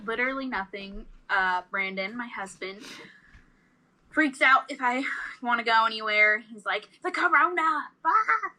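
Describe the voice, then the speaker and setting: A woman's voice: a little high, moderate pace, rough recording. A woman co-hosting a casual podcast chat, telling stories animatedly and acting out the quotes. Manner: animated storyteller, acts out quotes. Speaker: podcast co-host.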